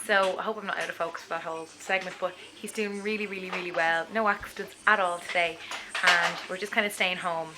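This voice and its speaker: A woman's voice: lowish voice, steady tone, fast talker, few pauses, heavy background noise. A woman, a mother, chatting in a rambling video diary with lots of fillers. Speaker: mother vlogger.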